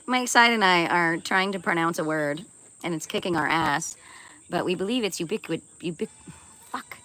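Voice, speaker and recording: A woman's voice: on the low side, a little slow, pauses often, pushed and bright, low-quality recording. A woman chatting casually on her live stream, playful and laughing often as she reads and answers viewer comments, swearing now and then.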